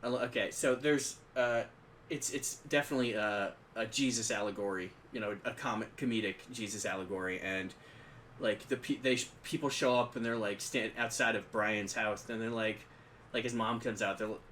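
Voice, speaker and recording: A man with a bright, forceful voice, chatting casually as a podcast co-host. He rambles and restarts his sentences a lot, with a faint hiss of background noise. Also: lowish voice, steady tone, moderate pace. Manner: rambling and conversational, with frequent restarts. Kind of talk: casual chat about tabletop games.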